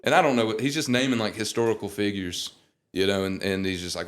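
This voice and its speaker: A young man, a guest singer, telling animated, joking stories in a casual interview. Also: on the low side, fairly quick.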